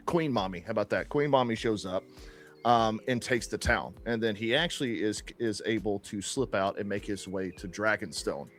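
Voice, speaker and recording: A man with a fairly low voice, chatting on a podcast in a loose, joking way. He swears casually and stops and restarts often as he explains things. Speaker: podcast co-host.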